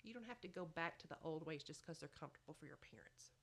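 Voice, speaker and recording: Lady on a podcast, motherly advice, bit low and gravelly, lots of you knows. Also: expressive, quick pace, a bit bright. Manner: motherly, chatty, fills with "you know". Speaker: podcast guest. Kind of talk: casual advice chat.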